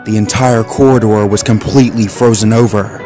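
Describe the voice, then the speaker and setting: A man narrating a suspenseful animal story in a measured, scripted way. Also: lowish voice, steady tone, dark tone, soft background music.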